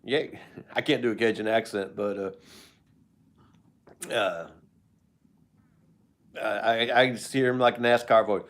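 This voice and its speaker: A man's voice: fairly low pitch, steady tone, a little slow, pauses often. An older man hosting a live stream, chatting casually with viewers in a rambling, joking way.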